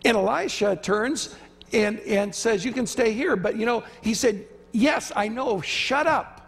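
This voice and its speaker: In a church sanctuary full of long reverb, a male guest preacher gives an emphatic sermon at a measured pace. His high voice carries a gravelly edge, and he acts out the voices he quotes.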